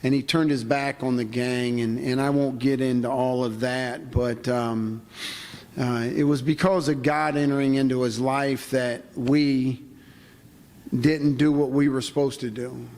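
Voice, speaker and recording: A man giving a personal testimony to a conference audience, telling his story in a plain-spoken, halting way. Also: medium pitch, little pitch movement, darkish tone, long reverb tail. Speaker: conference speaker.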